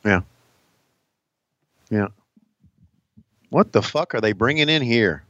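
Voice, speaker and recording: A man co-hosting a podcast in casual chat, joking and profane, reacting loudly. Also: lowish voice, expressive, slow pace, no echo, highs cut off. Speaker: podcast co-host.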